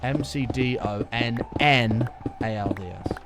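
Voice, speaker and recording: A man's voice: mid-range voice, unhurried, music in the background. A man chatting casually on a gaming livestream, joking around and answering chat messages aloud. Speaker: streamer.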